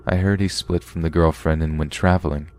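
Male podcast narrator with a low voice, reading horror stories steadily. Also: fairly even intonation, a little fast, darkish tone, no echo, faint music behind. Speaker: podcast host and story narrator.

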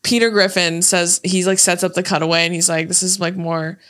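A woman's voice: fairly low pitch, fairly even intonation, fairly quick, fairly bright tone. A young woman co-hosting a podcast, telling cartoon scenes with lots of giggling and quoting lines in character voices. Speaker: podcast co-host. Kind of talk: casual chat.

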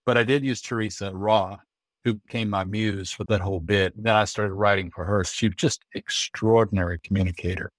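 A middle-aged American man, a guest on an interview, telling lively anecdotes and acting out the dialogue he quotes. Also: lowish voice, a little fast, no echo. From United States. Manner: lively storyteller who acts out quoted dialogue. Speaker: guest, Olympic bid consultant.

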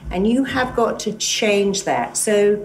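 A woman's voice: medium pitch, animated, takes it slowly. A woman therapist giving an earnest, emphatic motivational talk, repeating key phrases and acting out inner voices. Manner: acts out inner voices and dialogue. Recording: distant mic with faint background noise.

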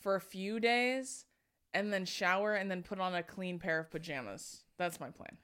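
Smooth-voiced young woman, swearing freely. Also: mid-range voice, normal speed. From Southern California. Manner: animated, swears freely, acts out quoted people. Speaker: podcast co-host. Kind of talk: casual chat.

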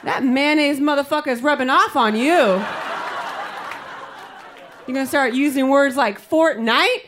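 A woman voicing her sassy young female friend, mocking and sharp, in a stand-up bit. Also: high voice, unhurried, crowd noise, noisy background, voice pushed up.

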